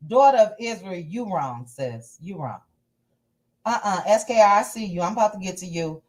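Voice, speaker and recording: Female livestream host, playful and animated, with a lively pitch that swoops up and down. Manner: animated, playful, drawn-out exclamations. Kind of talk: casual livestream chat reading viewer comments.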